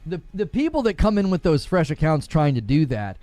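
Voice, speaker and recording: A man's voice: fairly high pitch, very animated, brisk, warm tone, no room sound. A man ranting on a live stream in a played clip, exasperated and complaining about his critics. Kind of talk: casual live-stream rant.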